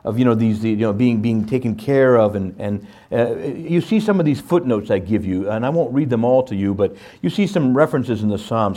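A man teaching scripture in a lively sermon style, often checking in with "right?" and acting out playful voices. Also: mid-range voice, moderate pace. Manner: animated, jumps into playful voices, asks "right?".

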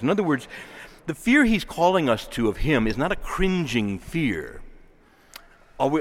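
A man preaching a sermon with impassioned delivery, moving between raised pleading and hushed earnestness. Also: on the high side, big pitch swings, unhurried, long pauses, in a large hall.

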